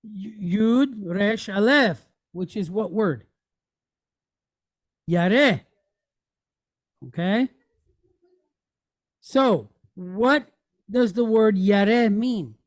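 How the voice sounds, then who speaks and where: A woman's voice: medium pitch, drawn-out words, pauses often, no echo. A woman teaching a Hebrew reading lesson, patiently naming each letter and vowel point and checking in with the class as she goes. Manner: checks in with frequent "right?".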